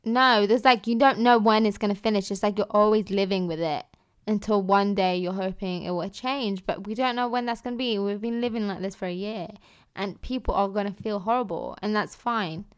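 A woman's voice: mid-range voice, steady tone, fairly quick, clean tone. A woman co-hosting a casual podcast, teasing bluntly and laughing. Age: 20s. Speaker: podcast co-host. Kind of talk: casual chat.

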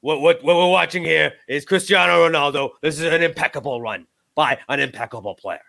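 A man's voice: fairly high pitch, brisk, gravelly, sharp tone, pitched above the performer's own voice. Man putting on a bombastic sports pundit, fake accent, raised voice, over-the-top commentary. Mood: hyped. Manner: bombastic, exaggerated commentary delivery. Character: loud hyped male sports pundit, put-on accent.

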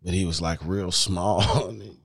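A man's voice: low-pitched, fairly even intonation, moderate pace, vocal fry, background noise. A man co-hosting a casual podcast, cracking jokes and acting out quoted voices. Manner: joking, acts out quoted voices. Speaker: podcast co-host. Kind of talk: casual chat.

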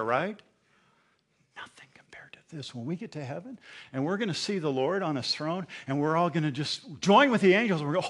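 A middle-aged man preaches with a voice that sits a little high for a man, swinging from hushed asides to loud, ringing proclamations. He repeats and restarts words as his fervor builds. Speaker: pastor. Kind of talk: sermon.

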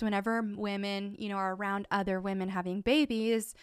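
A woman's voice: mid-range voice, fairly even intonation, a little slow, clear, resonant tone, no echo, clean studio sound. A woman in her thirties, a stay-at-home mom, talking earnestly and with emphasis to her listeners. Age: 30s. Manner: earnest, emphatic, rising when pressed. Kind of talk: personal talk to camera.

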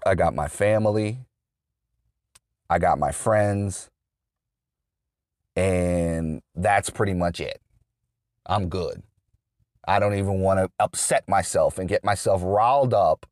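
A man's voice: deep voice, takes it slowly, long pauses, darkish tone, no echo, studio quality. A man giving an unscripted political monologue, rambling and restarting often with lots of fillers. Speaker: political commentator.

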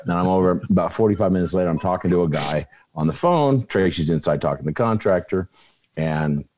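A man telling stories in a casual podcast chat, animated, swearing freely and restarting his sentences. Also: low voice. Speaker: podcast regular. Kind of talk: casual group chat and storytelling.

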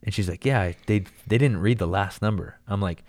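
A man telling a long story in casual chat, animated and rambling, full of "dude" and "like". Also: fairly low pitch, moderate pace.

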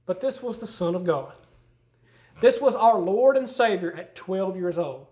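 High-voiced preacher in an echoey church. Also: male voice, lively intonation, unhurried, a little mellow. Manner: emphatic, folksy preaching with rising bursts. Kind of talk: sermon. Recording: echoey room.

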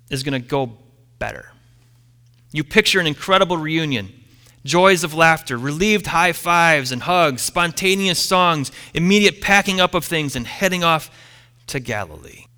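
A man preaching a sermon, retelling a story with dramatic pauses and letting line ends fall quiet. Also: fairly high pitch, in a large hall. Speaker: pastor.

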